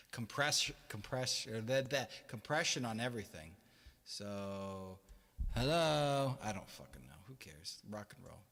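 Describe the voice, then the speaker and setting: A man's voice: fairly low pitch, measured pace, pushed and bright, big-room sound. A man hosting a casual live stream as a musician. He rambles, swears a lot and laughs between his lines.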